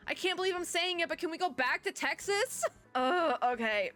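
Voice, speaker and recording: A young adult woman giving chatty, animated commentary while reading a game's story aloud. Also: very high-pitched, faint music behind. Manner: animated, chatty, quick to react. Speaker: gaming content creator. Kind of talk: game playthrough commentary and reading.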